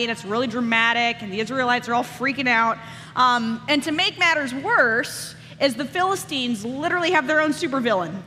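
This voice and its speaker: A woman preaching a sermon, retelling a scripture story in a casual, lively way with slang asides, then reading the passage aloud. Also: high-pitched, a little hiss or hum. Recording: reverberant hall.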